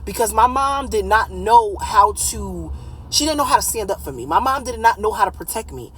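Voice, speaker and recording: A woman in her late thirties telling a personal story in a casual, blunt, animated way, swearing freely. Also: mid-range voice, moderate pace, husky, poor audio. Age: late 30s.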